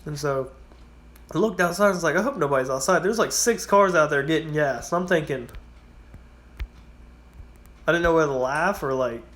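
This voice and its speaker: A man's voice: a little high, normal speed, pauses often, a bit bright. A man who works at a gas station casually tells rambling work stories, swearing freely and acting out his customers. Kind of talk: casual storytelling vlog.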